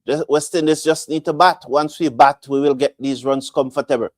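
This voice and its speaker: A man giving repetitive, animated live fan commentary on a cricket match. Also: fairly high pitch, normal speed, no room sound, studio quality.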